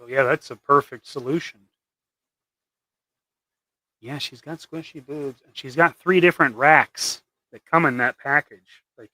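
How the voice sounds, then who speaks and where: A man's voice: on the high side, sharp tone, no echo. A man hosting a casual livestream while he paints custom action figures, rambling and trailing off into mumbles.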